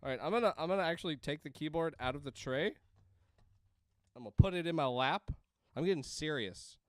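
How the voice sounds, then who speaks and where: Talking briskly in a voice on the high side, a game streamer does let's-play commentary from a room at home, rambling, laughing and sometimes screaming into a desk mic. The sound is clean, studio-like, with no room sound.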